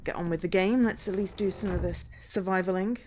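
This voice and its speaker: A woman giving casual, halting commentary while streaming a game, often trailing off mid-thought. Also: mid-range voice, a little mellow, a little hiss or hum.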